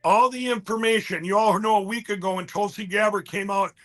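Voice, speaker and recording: A man with a high voice tells a story as an interview guest. His tone is bright and forceful, and he rambles animatedly, breaking off to quote others and restarting his sentences. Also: fairly even intonation, fairly quick.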